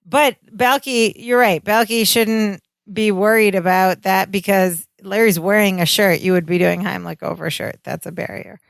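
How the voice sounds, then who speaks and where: Smooth-voiced woman recapping a sitcom. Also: medium pitch, steady tone, normal speed, few pauses, no echo. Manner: retells scenes step by step, quoting characters. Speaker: podcast co-host. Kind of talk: casual chat recapping a sitcom episode.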